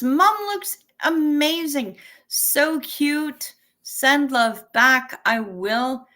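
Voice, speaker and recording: A woman's voice: high voice, lively intonation, drawn-out words, pushed and bright. A woman in her fifties hosting a casual livestream, chatty and profane as she thanks viewers and answers the chat. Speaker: livestream host reading chat. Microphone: webcam stream setup.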